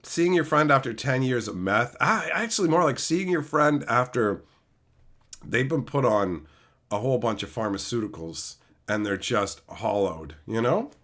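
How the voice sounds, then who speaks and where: Young male streamer, sarcastic angry ranter, very animated pitch. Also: normal speed. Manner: angry, profane, sarcastic ranting. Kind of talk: livestream rant.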